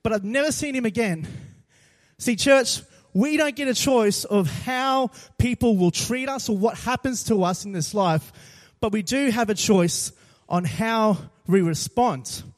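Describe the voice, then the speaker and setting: A young pastor delivering a sermon as a lively, dramatic story. His voice sits very high for a man, and he punches key moments with bursts of loud emphasis. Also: measured pace.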